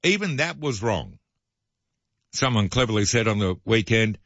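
A man's voice: fairly low pitch, big pitch swings, normal speed, fairly bright tone, dry recording, muffled recording. A man hosting talk radio, reading news items and adding sardonic, opinionated asides. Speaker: radio host.

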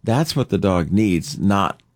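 A man's voice: low-pitched, animated, slow, no echo, clean studio sound. A man who works as a dog behavior counselor, explaining dog behavior as a guest in an interview. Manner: explanatory, acts out dog and owner voices.

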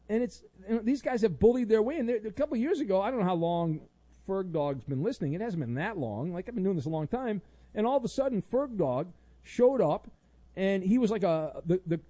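Middle-aged radio host guy, lively and mellow, dry studio sound. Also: sits high, no room sound. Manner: wry, rambling, sarcastic asides. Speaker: radio talk show host. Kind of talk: sports talk radio.

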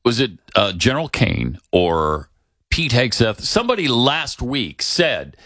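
Wry man with a lively, animated voice. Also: mid-range voice, measured pace, no room sound, clean studio sound. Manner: wry, dryly ironic. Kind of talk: casual political chat.

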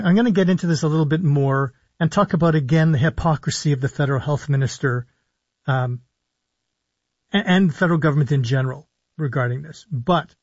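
Husky-voiced radio host. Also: male voice, a little high, darkish tone, dry recording, highs cut off. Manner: measured, explanatory, slow emphasis on key words. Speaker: radio show host, physician. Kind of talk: live call-in radio talk. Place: radio studio.

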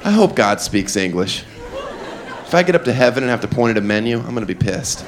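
A man's voice: mid-range voice, very animated, fairly quick, noisy background. A male stand-up comedian performs a provocative, self-mocking routine in an ordinary mid-range voice. He needles the audience and makes fun of himself. The club crowd laughs and murmurs all around him. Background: audience laughter and chatter.

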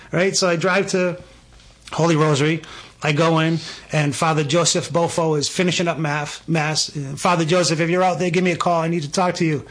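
A man's voice: fairly high pitch, a little fast. A man, telling a faith story as a guest and eagerly acting out what people said. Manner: excited, animated storyteller acting out dialogue. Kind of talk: testimony storytelling.

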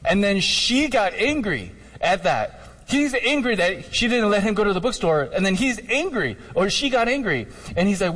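Male pastor, chatty animated preaching, slightly high voice, church-hall echo. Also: moderate pace. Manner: conversational, animated, jokey asides. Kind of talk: sermon. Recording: long hall reverb.

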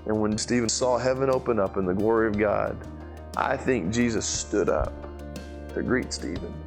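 A man preaching a sermon, retelling a scripture story with animated emphasis, swinging between excited high bursts and low, quiet asides. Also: moderate pace, creaky, soft background music, poor audio.

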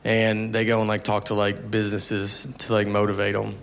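A man's voice: fairly low pitch, monotone, moderate pace, very noisy. A man performing a stand-up comedy set, telling self-mocking stories in a laid-back way. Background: audience laughter.

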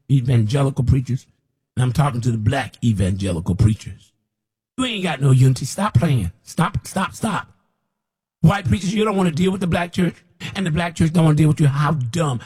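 A fiery man preaching straight at his listeners in a loose, unscripted sermon. His voice sits a little high and has a husky grain. He scolds, circles back and repeats lines to drive them home. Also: a little mellow. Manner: scolding, impassioned, repeats himself. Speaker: self-described prophet.

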